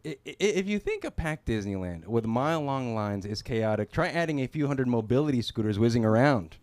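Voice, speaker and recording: A man's voice: mid-range voice, animated, a little fast, a little mellow, no echo. A male comedian delivering a stand-up set, punchy and self-deprecating, acting out little characters. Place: small comedy club stage.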